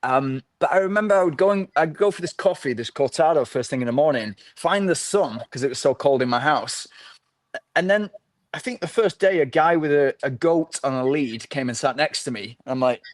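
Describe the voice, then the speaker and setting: A man's voice: fairly high pitch, expressive, a little fast, dry recording. A middle-aged man from the north of England, a podcast guest telling his story in a rambling, easygoing way with many restarts. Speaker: podcast guest, ultra runner. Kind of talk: casual interview chat.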